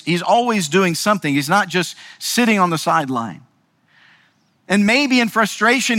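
A man's voice: sits high, pushed and bright. A male pastor preaching a sermon emphatically, speaking directly to his congregation.

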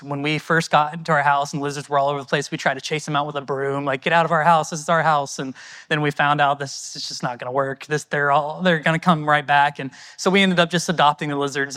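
A man's voice: medium pitch, pushed and bright. A man from the United States, a missionary answering audience questions at a church in an earnest, conversational and thankful way.

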